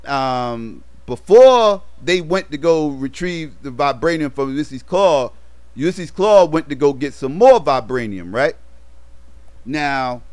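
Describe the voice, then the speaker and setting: A man's voice: medium pitch, no room sound. A man casually retelling a movie plot for his review, rambling with lots of fillers and slang.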